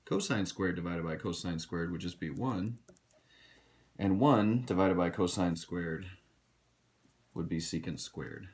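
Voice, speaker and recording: A man's voice: sits low, unhurried, pauses often. A man teaching a recorded math lesson, direct and instructive, talking to his students. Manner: direct, instructive, addresses students as you guys.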